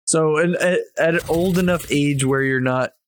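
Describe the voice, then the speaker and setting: A man's voice: a little high, normal speed, slight background noise. A man co-hosting a podcast who asks follow-up questions in a hesitant, probing way.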